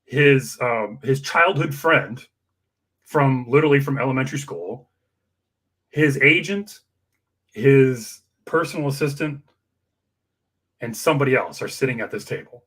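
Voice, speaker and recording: A man telling a long personal anecdote in an emotional, animated way, acting out the people in it. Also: medium pitch, unhurried, long pauses. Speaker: campaign worker guest. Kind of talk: storytelling anecdote.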